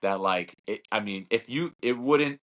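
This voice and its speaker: A man's voice: medium pitch, a little slow, fairly bright tone. A man in his thirties telling a long story in a casual interview, rambling, repeating words and acting out what others said. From Hawaii. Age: 30s. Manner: rambling, repeats words, acts out quoted voices. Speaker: interview guest, slap fighter.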